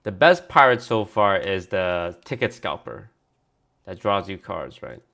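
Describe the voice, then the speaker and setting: Going through cards on a casual stream, a low, gravelly-voiced man reads the card text and fires off offhand answers to his viewers. His delivery is very animated and pushed bright, though a little slow.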